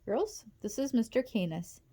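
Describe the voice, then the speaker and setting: A woman reading aloud and voicing an affectionate old grandmother with a hint of a German accent, speaking high and sweet. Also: sing-song, moderate pace, dark tone, breathy edge. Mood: sly, warm. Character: warm chubby old grandmother, affectionate and sly.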